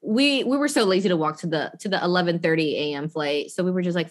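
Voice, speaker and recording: A woman's voice: lowish voice, fast talker. A young woman in her twenties telling a story to friends in casual chat, cursing freely and acting out what people said. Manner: animated storytelling, heavy swearing, acts out quotes.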